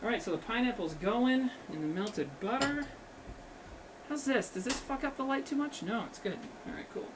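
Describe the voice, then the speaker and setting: A man's voice: very high-pitched, lively intonation, moderate pace, noisy background. A man, a comedian, chatting casually and swearing freely while he cooks on a livestream. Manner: rambling, profane and joking. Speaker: comedian streamer.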